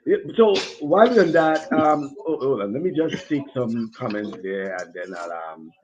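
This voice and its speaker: A man's voice: mid-range voice, lively intonation, normal speed, lo-fi sound, background noise. A man hosting a sports talk show, reading listener comments aloud.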